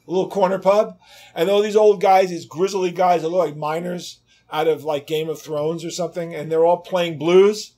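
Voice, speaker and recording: A man in his sixties with a voice pitched a little above the usual male range. He tells stories from the road in a lively, casual way, swearing freely and acting out the people he quotes. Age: 60s. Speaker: interview guest, rock guitarist. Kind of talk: casual anecdote telling.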